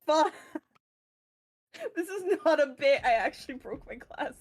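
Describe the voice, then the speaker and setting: A woman giving an excitable, laugh-filled recap of a tabletop game, swearing freely in casual chat. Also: high voice, unhurried, soft background music.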